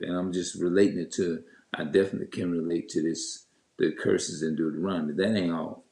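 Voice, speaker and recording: Man, very low voice, angry profane rant, halting restarts, echoey room. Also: a little mellow. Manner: heated, cursing, halting with many restarts. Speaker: vlogger.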